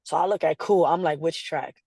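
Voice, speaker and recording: A woman being interviewed, telling a story in a casual, animated way, acting out quotes and laughing often. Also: low-pitched, brisk, creaky, husky, no room sound. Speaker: guest artist.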